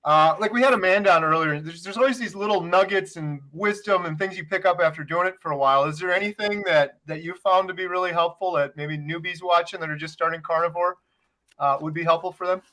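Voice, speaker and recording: A man with a fairly high, bright voice chats on a video call. He is earnest and rambles a little, correcting himself as he goes. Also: fast talker. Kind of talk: casual live-stream chat.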